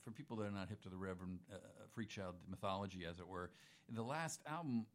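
Laid-back musician guy rambling fast, lots of "man" and "you know". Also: low voice. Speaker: musician guest. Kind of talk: casual conversation.

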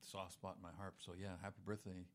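A man's voice: low voice, little pitch movement, fast talker. A man in casual conversation, a musician guest who talks in a laid-back, rambling way, full of slang and asides.

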